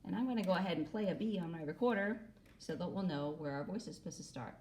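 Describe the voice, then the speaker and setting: A woman's voice: fairly low pitch, fast talker, noisy background. A woman music teacher gives a recorder lesson to children, patiently adding "okay?" after nearly every phrase.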